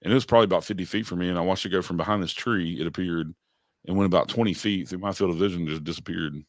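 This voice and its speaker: A man co-hosting a podcast speaks in a very deep voice. He tells stories in unhurried casual chat, with plenty of ums and uhs. The recording is dry, with no room echo. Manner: unhurried storytelling with many fillers. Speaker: podcast co-host.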